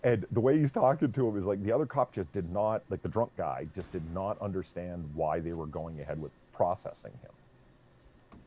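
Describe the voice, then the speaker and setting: A man streaming a game, chatting casually and telling an animated story, swearing freely. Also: deep voice, normal speed, slight background noise. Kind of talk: casual chat while gaming.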